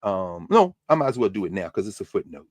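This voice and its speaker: A man hosts a lecture-style podcast, telling stories in a conversational, animated way. His pitch rises and falls widely as he builds each point, and he often repeats words on the way. The recording is dry and close. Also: quick pace, no room sound. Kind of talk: storytelling commentary lecture.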